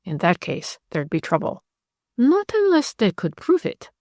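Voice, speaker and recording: A woman narrator voicing a cool, calculating woman conspirator who talks with composure and jumps to sharp, bright rises. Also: mid-range voice, wildly swooping pitch, measured pace, no room sound, studio quality. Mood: anxious.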